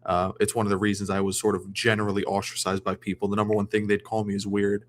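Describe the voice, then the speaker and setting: A man's voice: fairly low pitch, monotone, quick pace, slight background noise. A man chatting casually as a guest on a livestream, rambling with many restarts. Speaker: guest streamer.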